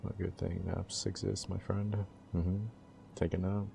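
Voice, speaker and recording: A young man hosting a casual livestream, his voice low and gravelly with a dark, mellow tone. He teases his chat in a relaxed, playful way and laughs easily, while a faint hiss sits behind him. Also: measured pace. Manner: teasing, laid-back banter with chat, laughs often.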